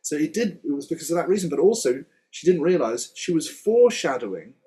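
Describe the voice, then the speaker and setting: A man teaching Hebrew words in a relaxed Torah study conversation, chatty and quick to laugh. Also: on the high side, breathy edge. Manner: chatty, laughs often, explains word by word. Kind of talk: casual Torah study chat.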